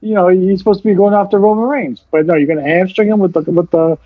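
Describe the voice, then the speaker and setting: A man co-hosting a casual wrestling chat, excitable and swearing as he retells scenes. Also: sits high, fast, no echo, narrow, tinny audio. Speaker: co-host.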